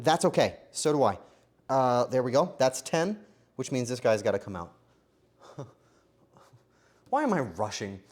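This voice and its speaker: A man live-streaming himself baking, joking to his chat and swinging between quiet mutters and loud outbursts. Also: medium pitch. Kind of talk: casual live-stream commentary while baking.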